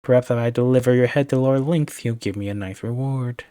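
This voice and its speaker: Goblin boss, male, gloating and menacing; read by a man in a mid-pitched voice. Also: fairly quick, dark tone, clean tone, no echo, clean studio sound, close to an everyday voice. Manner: smug, menacing.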